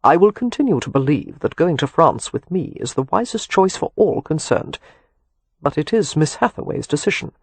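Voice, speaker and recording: A man reading an audiobook, voicing a controlled, aloof doctor who speaks formally and in a measured way. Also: a little high, very animated, husky, dry recording, full character voice.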